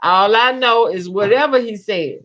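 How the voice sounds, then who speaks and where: A woman's voice: mid-range voice, unhurried. A woman chatting casually on a live stream, reading the chat and calling viewers babe. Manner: chatty, Southern slang, greets viewers as babe. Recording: lo-fi dull stream audio.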